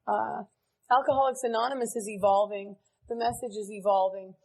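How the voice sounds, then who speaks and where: A woman's voice: mid-range voice, fairly even intonation, a little fast, gravelly, a little mellow, poor audio. A woman giving a candid, earnest recovery talk to a large meeting audience. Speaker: AA speaker. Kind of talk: recovery speech to a live audience.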